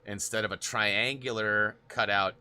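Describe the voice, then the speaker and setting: A man's voice: on the low side, steady tone, unhurried, sharp tone. A man hosting a gaming stream, chatting casually and rambling through long stories with frequent laughs. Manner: rambling storyteller, laughs often. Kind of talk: casual chat while gaming.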